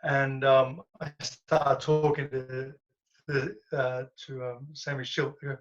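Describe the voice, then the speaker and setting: A man, a guest and former professional fighter, telling stories in a casual, animated way, laughing and swearing as he goes. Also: mid-range voice, takes it slowly, muffled recording. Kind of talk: casual storytelling.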